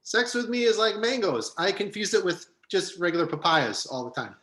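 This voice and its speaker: A man delivering deadpan improv one-liners on a video call. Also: high voice, normal speed, echoey room. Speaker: improv performer.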